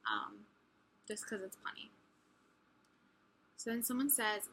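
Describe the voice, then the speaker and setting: A young woman in a college dorm room, chatting casually while she answers viewer questions, with lots of ums and frequent drops to a hushed near-whisper. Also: medium pitch, sing-song, takes it slowly, a little hiss or hum, rough recording. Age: young adult. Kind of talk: casual chat.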